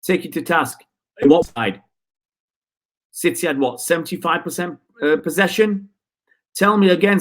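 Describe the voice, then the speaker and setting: A man on a live football stream answers his viewers' comments with rhetorical questions while ranting out of frustration. He's the channel's host, with a medium-pitched voice and a slightly fast pace.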